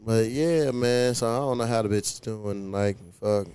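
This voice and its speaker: Smooth-voiced man telling stories. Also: medium pitch, normal speed, dark tone. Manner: profane storytelling, quoting his own retorts. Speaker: podcast host. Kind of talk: casual podcast chat.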